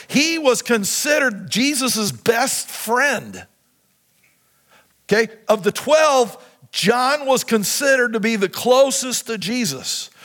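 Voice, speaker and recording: A man's voice: very high voice, fairly bright tone. A man preaching a sermon as pastor, putting questions to his congregation. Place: church sanctuary.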